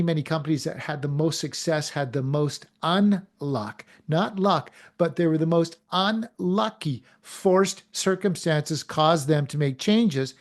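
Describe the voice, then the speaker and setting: Animated motivational man, higher voice. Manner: animated, questioning, theatrical acted-out quotes. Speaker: motivational speaker and show host. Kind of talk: motivational talk to a live online audience.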